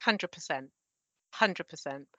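A woman's voice: sits low, expressive, takes it slowly, sharp tone, no room sound, highs cut off. A woman as a podcast guest, speaking in an emphatic, reassuring way in a frank conversation.

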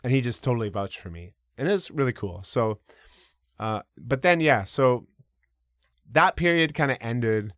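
A man recounts his own stories in a loose, animated way, full of fillers and the occasional curse. His pitch sits mid-range for a man. The sound is close and dry, with no room around it. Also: moderate pace, dry recording. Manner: animated, many fillers, casual swearing. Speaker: podcast guest. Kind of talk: casual storytelling.

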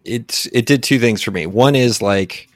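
In casual conversation as a guest, a San Antonio, Texas man in his late forties rambles, full of fillers and false starts. He has a mid-range voice at a moderate pace, captured in a dry, clean studio recording.

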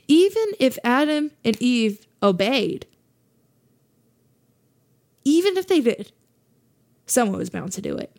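Woman, fairly high voice, earnest faith podcast host, preachy monologue, repeats herself for emphasis. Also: very animated, takes it slowly, creaky, pauses often, a little mellow.

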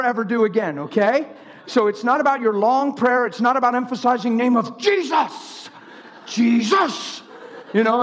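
A man preaching a sermon in an animated way, swinging from high shouts down to low storytelling. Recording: long hall reverb.

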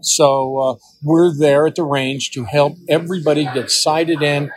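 An older man talks in a slightly higher register than most men. He tells his stories in a homespun, folksy way, like a range master chatting with an interviewer. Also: steady tone, measured pace, crowd noise, low-quality recording. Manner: folksy storyteller who acts out the voices of people in his stories. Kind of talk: storytelling interview answers.

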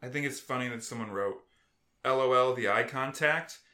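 A man talking casually on a podcast, deadpan, acting out quoted exchanges in stiff voices. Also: medium pitch, normal speed, roomy sound. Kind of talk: casual chat.

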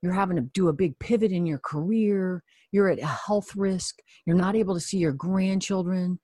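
An earnest, reflective voice that explains a point through a personal story, pausing often to think and letting out soft sighs. The pitch sits in the middle range. The sound is dry and close to the microphone, with no room echo. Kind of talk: conversational teaching with personal story.

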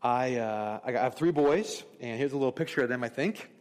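A man's voice: mid-range voice, brisk, darkish tone. A middle-aged man preaching a sermon as pastor, telling stories in a conversational, candid way. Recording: long reverb of a large hall.

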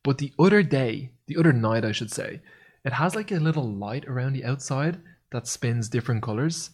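A man co-hosting a podcast, chatting casually in a rambling, animated way and swearing freely. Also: mid-range voice, moderate pace, husky. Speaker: podcast co-host. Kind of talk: casual chat.

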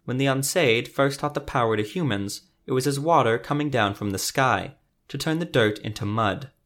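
A man's voice: mid-range voice, normal speed, a bit bright, lightly acted. A man playing a guarded elf mage. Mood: brooding. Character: reserved male elf mage, guarded and bitter.

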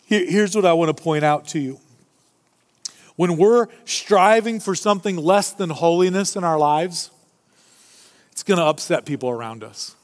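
A man preaching a sermon as pastor, animated, acting out the people he quotes. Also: a little high, normal speed, pauses often. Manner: animated, acts out quoted voices. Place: church sanctuary. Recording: long hall reverb.

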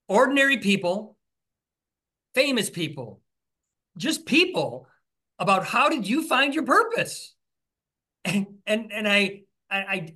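A man's voice: sits high, pushed and bright. A man, an author being interviewed, talking enthusiastically and telling stories, often restarting his sentences. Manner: enthusiastic, storytelling, frequent restarts. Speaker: author and podcast host, interview guest. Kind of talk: conversational interview.

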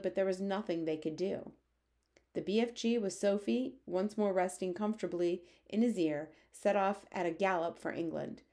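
A woman reads a children's book aloud in a steady, measured way. Her voice sits a little low for a woman. She narrates evenly from one passage to the next. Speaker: reader.

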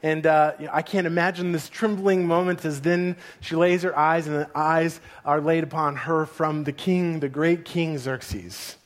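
High-voiced guy preaching, animated storytelling. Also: normal speed, few pauses. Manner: animated, dramatic retelling. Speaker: pastor. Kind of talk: sermon storytelling.

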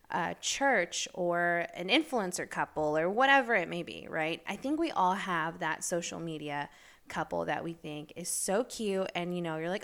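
A woman hosting her own podcast, telling stories in a chatty, rambling way with lots of fillers and bursts of excited, incredulous emphasis. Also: fairly low pitch. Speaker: podcast host. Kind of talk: casual solo podcast chat.

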